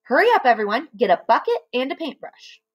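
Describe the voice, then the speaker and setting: A woman voicing a clever, excited male monkey leading his family. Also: high-pitched, fairly quick, dull audio, pitched above the performer's own voice. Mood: urgent.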